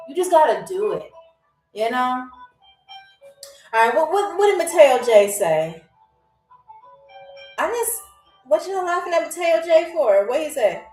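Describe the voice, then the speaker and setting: Young woman, live-stream game host, high voice, chatty and encouraging, roomy distant sound. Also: darkish tone. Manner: encouraging, chatty, keeps checking in with "okay?" and "all right?". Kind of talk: live-stream hosting, reading viewer comments.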